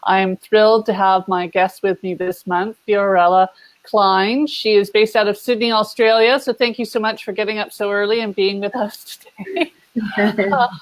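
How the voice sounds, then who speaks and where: A woman hosting a monthly interview, introducing her guest with measured enthusiasm over a video call. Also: mid-range voice, fairly even intonation, dry recording. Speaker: host.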